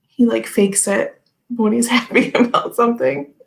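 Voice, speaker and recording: A woman's voice: mid-range voice, normal speed, gravelly, roomy sound. A woman hosting a casual tarot livestream, chatting and reading viewer comments aloud in a giggly, rambling way full of "like" and "okay, anyway.".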